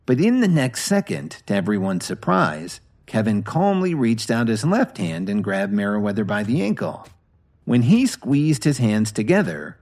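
A man narrating a dramatic story with an expressive reading. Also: fairly low pitch.

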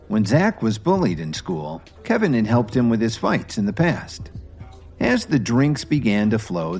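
Expressive male storyteller, lively melody. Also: mid-range voice. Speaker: narrator. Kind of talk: scripted storybook narration.

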